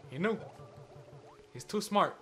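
A man giving casual let's-play commentary, excitable, with profane outbursts. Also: high-pitched, slow, a little hiss or hum. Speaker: gaming channel host.

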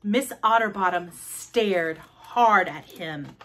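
A woman reading a children's book aloud, expressive, with sound effects. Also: medium pitch, slow. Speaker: storybook reader.

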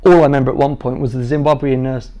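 A man's voice: mid-range voice, steady tone, fast talker, dark tone. A man in his thirties telling a personal story to a training group, jovial and self-deprecating, making light of hard things. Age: 30s. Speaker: guest speaker sharing his patient story.

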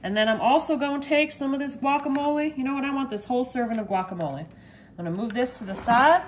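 A woman's voice: high-pitched, fast, slight background noise. A woman hosting a casual home cooking demo, chatty and upbeat, calling her viewers y'all. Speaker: home cook host.

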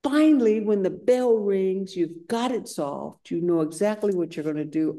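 A woman's voice: mid-range voice, normal speed, hardly any pauses, mellow. A woman giving a meditation dharma talk at a retreat, conversational and searching, repeating phrases as she reads from scripture. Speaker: meditation teacher. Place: retreat center meditation hall.

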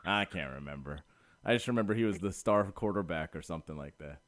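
Male podcast co-host, loose and jokey, lowish pitch, dry close sound. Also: lively intonation, fast talker, a bit bright, no echo. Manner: joking, rambling, trails off. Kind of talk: casual chat.

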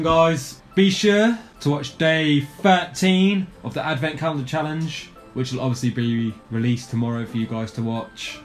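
A young man, chatting enthusiastically and swearing freely as he shows off his collection. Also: fairly high pitch. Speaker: guest showing his collection. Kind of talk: casual show-and-tell chat.

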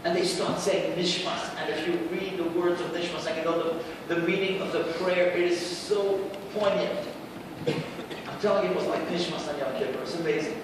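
High-voiced rabbi telling a story, echoey hall. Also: male voice, fairly even intonation, normal speed. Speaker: rabbi and lecturer. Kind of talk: storytelling lecture. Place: large lecture hall. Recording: echoey hall recorded from far off with background noise.

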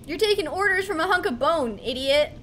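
A woman streamer giving casual gameplay commentary, excitable and talking to herself, with yelps as she plays. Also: very high-pitched, a little fast, a little hiss or hum. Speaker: gaming streamer.

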